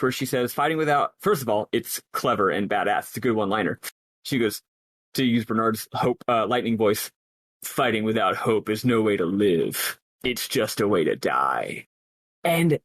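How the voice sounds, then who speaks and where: A man in a casual podcast discussion, his voice at a middle pitch. He thinks out loud, circling back with frequent fillers and restarts. The sound is dry and close. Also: no echo. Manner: thoughtful, rambling with many fillers. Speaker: podcast co-host.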